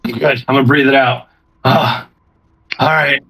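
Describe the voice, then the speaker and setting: Bright-voiced man running a game. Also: mid-range voice, unhurried. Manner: laughs often, playful and animated. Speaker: game master. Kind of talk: running a tabletop game, casual chat.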